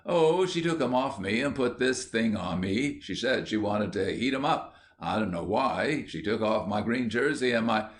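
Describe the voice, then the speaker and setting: A man voicing a cheeky, stubborn eleven-year-old schoolboy with quick, indignant complaining, in an audiobook reading. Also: on the low side, expressive, close to an everyday voice. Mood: aggrieved. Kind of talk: audiobook character voice.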